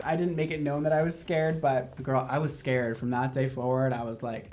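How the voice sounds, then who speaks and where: A young man, a hairstylist and video host, telling a story to camera in a casual, animated and sassy way. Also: medium pitch, moderate pace, hardly any pauses. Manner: animated, sassy and expressive, with lots of "like".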